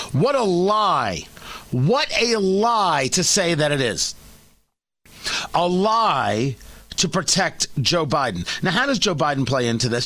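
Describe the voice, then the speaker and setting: High, lively, bright-voiced male radio host. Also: dry recording. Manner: emphatic, combative, repeats words when restarting. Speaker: radio talk show host. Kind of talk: opinionated talk radio monologue.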